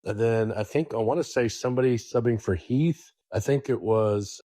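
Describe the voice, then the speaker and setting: A man co-hosting a poker podcast in casual chat, telling stories in an animated way and swearing freely. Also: medium pitch, normal speed, no room sound. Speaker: podcast co-host.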